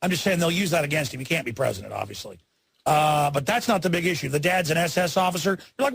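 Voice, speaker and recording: A man's voice: on the high side, lively intonation, fast, vocal fry, a bit bright, breathy edge, dry recording. A man as a talk radio host delivering a heated, indignant rant. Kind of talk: angry ranting commentary.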